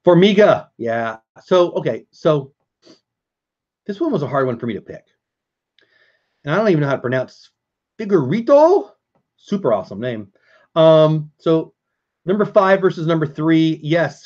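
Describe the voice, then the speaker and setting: A man's voice: on the high side, a little mellow, dull audio. A man hosting a casual live stream, chatting with viewers and answering chat as he goes.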